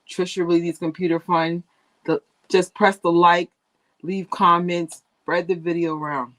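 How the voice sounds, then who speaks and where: Woman host of a casual fan livestream, talkative and lively, quick to laugh, recorded on a tablet mic. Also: lowish voice. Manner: chatty, animated, laughs often. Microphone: tablet used as camera.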